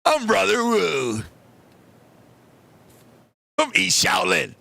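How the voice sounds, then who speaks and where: A man putting on a brash, self-styled young kung fu monk who shouts slow, mock-solemn declarations. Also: high-pitched, huge pitch swings, vocal fry, slight background noise, voice pushed down, exaggerated voice. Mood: boastful.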